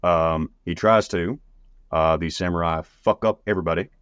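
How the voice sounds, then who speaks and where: A man's voice: low-pitched, steady tone, normal speed, a bit bright, clean tone, dry recording, dull audio. A man hosting a podcast, retelling a film plot in a rambling, profane, casual way. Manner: rambling and profane, lots of fillers. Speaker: podcast host.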